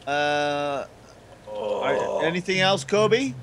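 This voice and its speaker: Lively middle-aged man hosting a podcast. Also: on the high side, very slow, very noisy. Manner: friendly, greets and questions callers. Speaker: podcast host. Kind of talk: casual gaming podcast chat.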